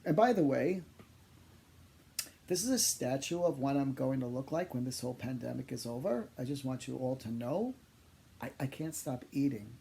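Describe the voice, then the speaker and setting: A man, a psychic medium, telling funny stories to camera in a chatty, animated, self-deprecating way. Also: mid-range voice, normal speed, gravelly. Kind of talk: storytelling monologue to camera.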